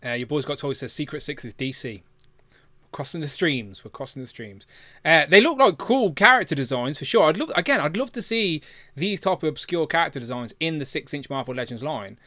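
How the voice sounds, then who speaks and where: A man's voice: fairly high pitch, animated, brisk, bright, forceful tone, no room sound. A man hosting a casual live chat about toys, reading viewer comments aloud. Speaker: livestream host.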